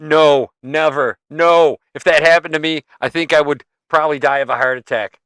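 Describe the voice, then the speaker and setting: A man hosting a livestream, reacting to animal videos with excited yelps, laughs and swearing. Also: a little high, moderate pace, clear, resonant tone, no echo. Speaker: livestream host reacting to clips. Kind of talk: casual reaction commentary.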